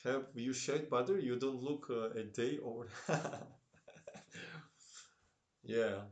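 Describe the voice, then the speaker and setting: With a Russian-tinged accent and broken English, a man commentates chess on a live stream in a mid-range, slow voice. He chats with viewers and laughs often, and the recording has a roomy echo.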